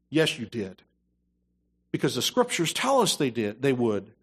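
A man preaching a sermon as pastor, dropping to low asides and rising to loud, emphatic passages. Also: wildly swooping pitch, measured pace, long pauses, breathy edge.

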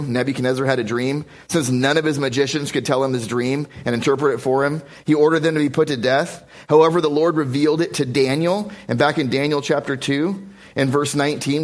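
Slow-reading male preacher. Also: on the high side. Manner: reads scripture slowly in King James wording. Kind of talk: sermon.

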